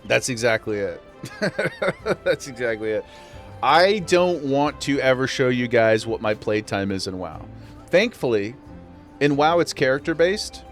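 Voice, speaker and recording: A man streaming a game, chatting casually with his viewers, playful and quick to laugh as he talks straight to chat. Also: mid-range voice, big pitch swings, soft background music. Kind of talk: casual live-stream chat while gaming.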